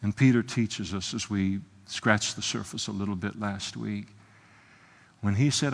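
A man preaching an expository sermon as pastor, impassioned, swinging from soft, low asides to loud, emphatic outbursts. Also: steady tone, a little slow, vocal fry. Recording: long hall reverb.

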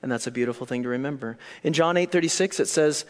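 A man preaching a sermon, telling the story in an animated way that swings between hushed and excited. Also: medium pitch, fast talker. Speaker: pastor. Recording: long hall reverb.

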